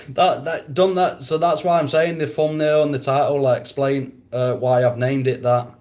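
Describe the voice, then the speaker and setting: A man's voice: medium pitch, steady tone, unhurried, a little mellow, slight background noise. A man chatting casually on a live stream, answering viewers, rambling and often breaking into laughter.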